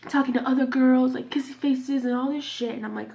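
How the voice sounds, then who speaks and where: A woman in her twenties tells a personal story to the camera for her vlog, casual and candid, swearing freely and sometimes dropping almost to a whisper. Her voice is high-pitched and warm, with a steady tone, vocal fry, and a fairly quick pace.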